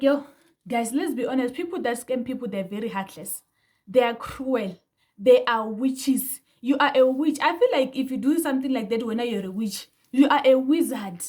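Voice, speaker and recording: A woman's voice: a little high, darkish tone. A young woman talking to her viewers in a heated, indignant way, repeating herself for emphasis. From South Africa. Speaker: vlogger. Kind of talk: casual commentary to camera.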